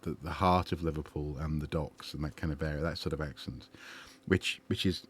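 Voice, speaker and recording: A man's voice: a bass voice, fairly even intonation, a little fast, hardly any pauses, husky. A man streaming a game, chatting and musing with lots of fillers and restarts. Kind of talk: gaming livestream commentary.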